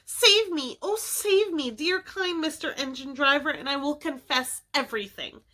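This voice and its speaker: A woman voicing a boastful, panicky male toad gentleman who pleads and pities himself in a storybook reading. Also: high-pitched, very animated, moderate pace, exaggerated voice. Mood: pleading. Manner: pleading, self-pitying.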